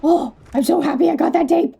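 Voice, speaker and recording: Woman playing a game and chatting thru it, high-pitched but kinda mellow tone, talks to the characters. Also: fairly quick. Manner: excitable, talks to the game, squeals and laughs. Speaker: gamer playing on a video channel. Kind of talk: casual let's-play commentary.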